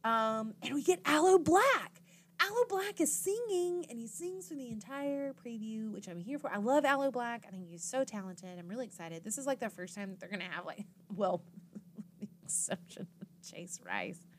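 A woman's voice: on the high side, lively intonation, moderate pace, a little hiss or hum. Chatty young woman recapping a show. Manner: chatty, filler-heavy with frequent "like" and quoted reactions. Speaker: podcast host. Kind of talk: casual recap chat.

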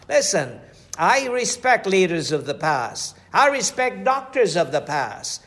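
A man's voice: sits high, sing-song, measured pace, fairly bright tone. A middle-aged man, preaching a sermon in a folksy storytelling way, weaving in scripture quotes. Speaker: pastor.

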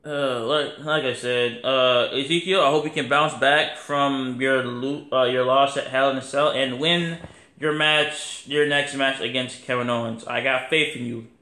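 A man's voice: mid-range voice, slow, bright, forceful tone, reverberant. A man hosting his podcast, giving a casual, rambling wrestling review full of slang and fillers. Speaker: podcast host.

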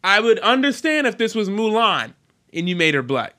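Young male host for a loose entertainment chat show; bright, lively delivery full of jokes. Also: sits high, moderate pace. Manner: joking, animated storyteller who mimics voices. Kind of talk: casual podcast chat.

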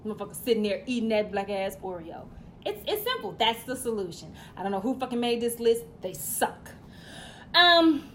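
Woman stand-up comic with a high voice: brash, foul-mouthed, bursts into loud exasperation. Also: sing-song, normal speed, slight background noise. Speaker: stand-up comedian. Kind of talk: stand-up routine.

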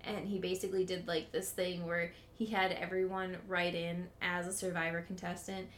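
A woman's voice: fairly low pitch, level tone, normal speed, a little hiss or hum. Laughing woman reading a recap. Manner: reads notes aloud, laughs often, light swearing. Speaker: podcast co-host.

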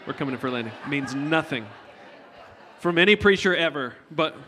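A man's voice: on the high side, animated, brisk, pushed and bright, a little hiss or hum. A middle-aged man preaching a conversational sermon to his congregation, joking with them as he goes. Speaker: pastor. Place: church hall. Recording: long hall reverb.

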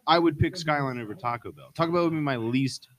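A man's voice: on the high side, fast talker, a crowd in the background. A man hosting a casual podcast, chatting loosely and often restarting his sentences. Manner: loose, rambling with frequent restarts. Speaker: podcast host.

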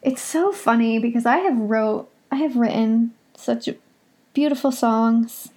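A woman's voice: fairly high pitch, unhurried, darkish tone. A young woman hosting a solo podcast from home, talking in a rambling, emotional, confessional way. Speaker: podcast host.

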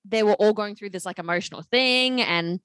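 A young woman co-hosting a podcast, telling stories in a gushing, animated way. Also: mid-range voice, normal speed, no room sound. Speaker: podcast co-host. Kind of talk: casual chat.

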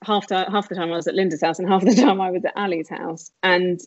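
Woman, lowish voice, candid emotional storytelling, muffled dry audio. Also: steady tone, no echo. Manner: emotional, candid, quick asides. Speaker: guest sharing her story. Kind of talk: personal storytelling in conversation.

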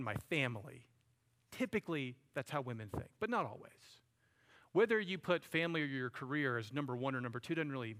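A man's voice: medium pitch, a bit bright. A man preaching a sermon, talking to the congregation in a conversational way and calling them buddy and friends. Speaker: pastor.

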